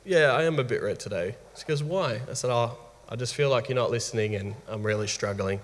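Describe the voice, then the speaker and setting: A man in his thirties with an Australian accent, telling a candid personal story as a father, lively and laughing often. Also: mid-range voice, fast. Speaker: guest father. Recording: reverberant room.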